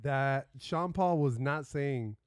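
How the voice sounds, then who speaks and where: A man hosting a podcast in a studio, joking and animated, tossing out shout-outs on a studio microphone. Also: mid-range voice, slow pace, smooth, dry recording. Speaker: podcast host. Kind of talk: casual podcast chat.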